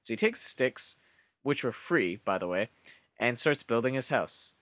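A man hosting a podcast, telling a comic story in a deadpan way with rambling asides. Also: mid-range voice, normal speed, dry recording. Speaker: podcast host.

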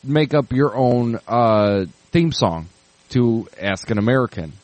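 A man's voice: mid-range voice, lively intonation, slow, darkish tone, dry recording. Ranting, profane man, dry sound. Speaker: podcast host. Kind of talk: casual chat.

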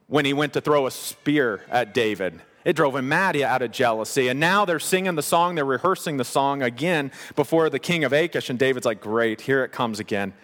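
A man preaching a sermon as pastor, animated and conversational with playful asides. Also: a little high, big-room sound.

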